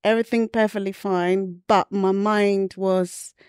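A woman's voice: medium pitch, steady tone, a little slow, darkish tone, clean tone, dry recording, clean studio sound. A woman from Ghana, a podcast guest, talking candidly and reflectively about a hard time in her life. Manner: candid, reflective, acts out quoted voices. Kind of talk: personal storytelling in an interview.

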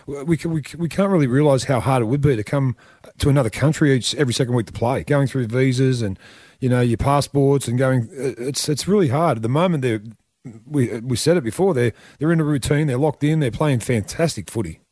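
Australian male pundit, halting and jokey, dry studio. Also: mid-range voice, darkish tone, dry recording. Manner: halting, many restarts, jokey. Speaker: sports radio panelist. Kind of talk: sports radio panel chat.

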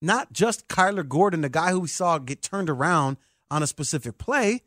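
A man hosting a sports talk show, excitable and emphatic like a hyped fan. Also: a little high, moderate pace, dry recording, studio quality. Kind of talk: animated sports podcast talk.

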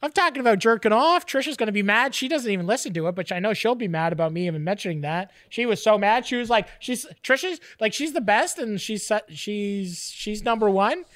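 A young man from Southern California co-hosts a comedy podcast, riffing in a rambling, animated way. His voice is bright and keen, and his pitch leaps up and down constantly as he talks. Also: brisk, few pauses. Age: 20s. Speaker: podcast co-host. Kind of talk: casual comedic podcast banter.

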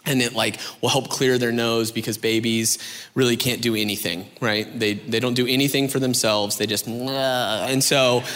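Lively storytelling man preaching from a stage. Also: medium pitch, moderate pace, long reverb tail. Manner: animated storytelling with many asides and fillers. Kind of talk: sermon. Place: large hall on a stage.

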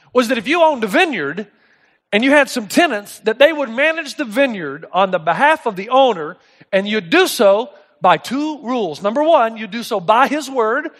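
Pastor preaching, a man with a high voice who tells anecdotes animatedly and laughs along. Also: fairly bright tone. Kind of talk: sermon.

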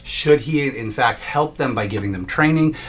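A man's voice: medium pitch, animated, normal speed. A man co-hosting a casual podcast, explaining comic book history at length in a knowledgeable way. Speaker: podcast co-host, comics expert. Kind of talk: casual chat about comics and shows.

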